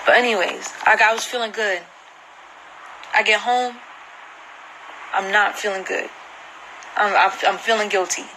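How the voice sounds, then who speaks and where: A woman's voice: medium pitch, pushed and bright, slight background noise, rough recording. A woman vlogger giving an emotional personal account to camera, earnest and repeating herself for emphasis. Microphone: phone screen recording.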